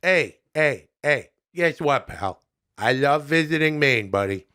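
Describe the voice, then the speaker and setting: A man doing a comedic impression of a goofy middle-aged comedian reviewing restaurants, drawn-out and sing-song, calling everyone pal and buddy. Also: mid-range voice, lively intonation, bright, forceful tone, smooth. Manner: ends lines with "pal" and "buddy".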